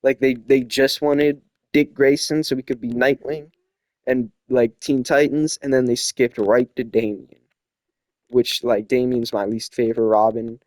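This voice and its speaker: A man's voice: medium pitch, level tone, unhurried, darkish tone, dry recording. A young man hosting a casual opinion chat, rambling and opinionated with lots of fillers. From not from South America. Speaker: host.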